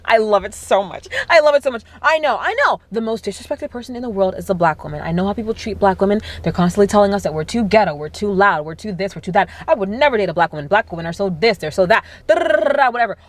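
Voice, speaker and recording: A young woman vlogging casually to camera, gushing and animated, with lots of fillers and exclamations. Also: mid-range voice, rapid-fire, hardly any pauses. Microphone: camera mic.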